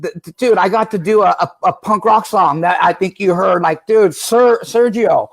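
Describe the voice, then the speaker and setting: A man's voice: sits high, normal speed. A middle-aged man talking loosely and rambling, telling his recovery story in a casual interview. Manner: loose, rambling, says "dude" a lot. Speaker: guest, professional skateboarder.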